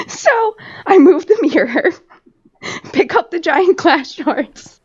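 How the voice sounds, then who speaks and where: A female podcast host rambles through a story in casual chat, full of fillers, free swearing and frequent laughter. Her slightly high voice comes across in dull, lo-fi audio.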